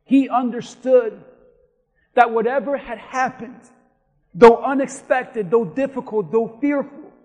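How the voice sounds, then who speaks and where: High-voiced preacher shouting in a hall. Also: male voice, measured pace. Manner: impassioned preaching that builds to shouting. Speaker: pastor. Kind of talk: sermon. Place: church sanctuary.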